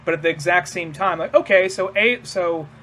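A man's voice: sits high, moderate pace, fairly bright tone, a little hiss or hum. A man co-hosting a podcast, rambling in casual chat, laughing and swearing and acting out quotes. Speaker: podcast co-host.

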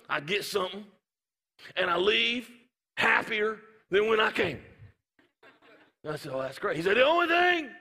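A man preaching a sermon in a church auditorium, telling funny stories with animated asides. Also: sits high, in a large hall. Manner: humorous storytelling, animated asides. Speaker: pastor.

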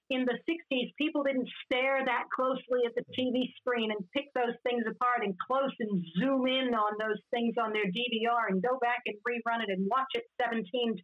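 Woman with a higher voice, lo-fi audio. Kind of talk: casual chat about classic TV. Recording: dull lo-fi audio.

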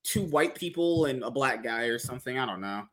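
A man co-hosting a casual podcast and running the stream, animated, swearing and laughing. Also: mid-range voice, fairly quick.

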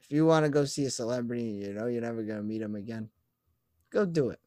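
Excited young man telling a story. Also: medium pitch, quick pace, dry recording. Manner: excited storytelling, swears casually. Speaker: podcast co-host. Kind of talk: casual chat.

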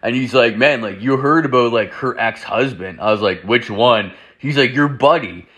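A man's voice: mid-range voice, moderate pace, fairly bright tone. A young man hosting a show, telling a rambling, profane story in casual chat and acting out both sides of the dialogue. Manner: profane, rambling, quotes friends in dialogue with many fillers.

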